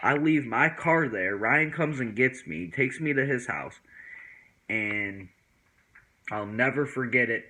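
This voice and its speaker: Animated man telling a story. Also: unhurried, low-quality recording. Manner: animated, acts out friends' voices in higher pitch; laid-back slang-heavy talk. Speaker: vlogger. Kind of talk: casual storytelling.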